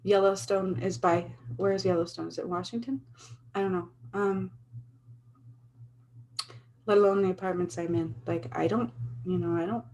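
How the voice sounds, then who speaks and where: A woman's voice: fairly low pitch, darkish tone, a little hiss or hum, poor audio. A woman in her thirties, talking straight to her phone camera in an earnest, emphatic way and repeating herself. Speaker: spiritual vlogger. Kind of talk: casual talk to camera.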